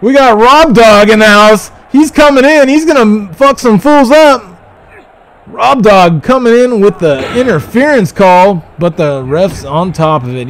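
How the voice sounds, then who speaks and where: A man hosting a livestream, giving excited, profane play-by-play wrestling commentary with loud calls. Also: high-pitched, measured pace, a little hiss or hum. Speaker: livestream host.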